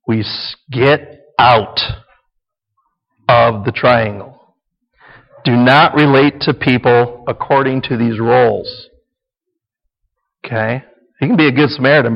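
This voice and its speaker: A man's voice: mid-range voice, creaky. A man teaching a sermon in a conversational, folksy way, often checking in with "okay?". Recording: dull lo-fi sound with long hall reverb.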